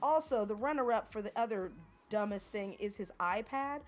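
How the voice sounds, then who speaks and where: A woman's voice: medium pitch, expressive, noisy background. A young woman co-hosting a podcast, joking wryly in casual chat. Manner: wry, joking, quick to laugh. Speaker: podcast co-host.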